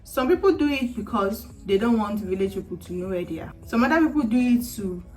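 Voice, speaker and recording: A woman's voice: medium pitch, animated, brisk, darkish tone, distant mic, low-quality recording. A woman from Nigeria with a Nigerian English accent, speaking as a vlogger in a candid, chatty, matter-of-fact advice monologue. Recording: voice a bit off-mic, faint music. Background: faint background music.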